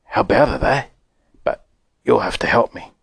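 A man voicing an excitable old grandfather who whispers secretively and splutters with excitement. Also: on the low side, moderate pace, vocal fry, slightly rough, dry recording, full character voice. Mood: conspiratorial.

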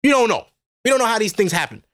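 A high-pitched man with a New York accent rants casually as a podcast host, profane and exasperated as he rambles from one gripe to the next. The recording is dry and close, with no room sound. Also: big pitch swings, fast talker, fairly bright tone, no echo. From Brooklyn, New York. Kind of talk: casual ranting monologue.

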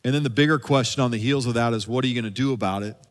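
A man's voice: medium pitch, rapid-fire. Preaching man in a reverberant hall. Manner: preaching with dramatic drops to a soft hush. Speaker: lead pastor. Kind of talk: sermon.

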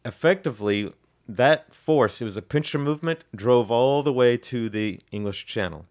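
A man's voice: medium pitch, moderate pace. A man co-hosting a history podcast, casually explaining events with frequent ums, restarts and self-corrections.

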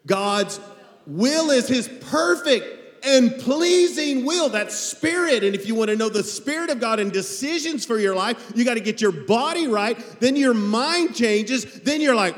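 A middle-aged man preaching a sermon to a live congregation, joking and animated, rising at times to shouts. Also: very high-pitched, normal speed. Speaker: pastor. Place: large church hall before a live audience. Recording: long hall reverb.

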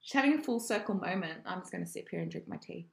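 Young woman co-host, effusive, lively pitch, echoey room. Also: quick pace, vocal fry. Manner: enthusiastic, effusive. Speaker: podcast co-host. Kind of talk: casual chat. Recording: roomy echo.

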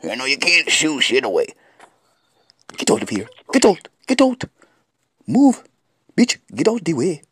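A man's voice: on the high side, huge pitch swings, measured pace, pauses often, a bit bright, slight background noise, full character voice. A man in a comedy sketch, ranting and mocking someone in a brash, profane way.

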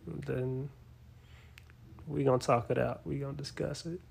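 A man's voice: mid-range voice, fairly even intonation, takes it slowly, creaky, a little mellow, slight background noise. A man in his thirties chatting casually with his partner, laid-back and slangy. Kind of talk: casual chat.

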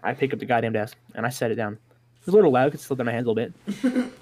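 A man's voice: mid-range voice, big pitch swings, racing, darkish tone. Young man telling a profane, rambling story. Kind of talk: casual storytelling.

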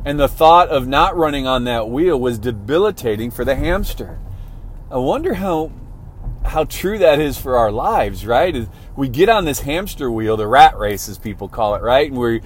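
A man's voice: mid-range voice, lively intonation, moderate pace, slight background noise. A man giving a motivational talk in a conversational way, often checking in with "right?" and restarting his phrases. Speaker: motivational speaker.

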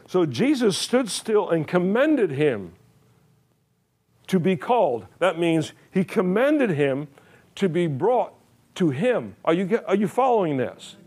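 A man's voice: a little high, big pitch swings, unhurried, a little mellow, husky. A male pastor preaching a sermon in plain, folksy words, emphatic, repeating phrases and putting questions to his listeners. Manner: frequent uh fillers and restarts, plain folksy wording.

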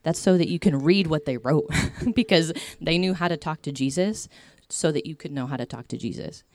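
A woman's voice: deep voice, normal speed, darkish tone. A young woman giving a casual faith talk to a group, chatty and full of fillers and tangents.

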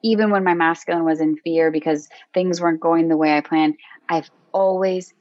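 An emphatic woman hosting a casual podcast chat, earnest and free with swear words. Her voice sits a little low, and the recording is dry and somewhat muffled. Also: fairly even intonation, normal speed, no room sound. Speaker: podcast host.

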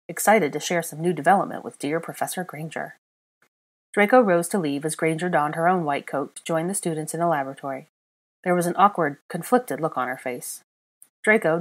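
A woman reading fan fiction aloud in an unedited home recording, narrating and speaking the dialogue with small shifts for each character. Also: deep voice. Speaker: audiobook reader.

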